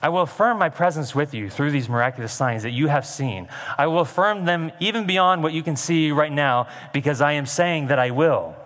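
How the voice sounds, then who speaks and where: A man voicing God in a sermon retelling, speaking in slow, measured, commanding tones. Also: a bit bright, long reverb tail, natural voice. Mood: assuring. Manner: measured, slow, low and deliberate. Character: God, calm commanding divine male voice.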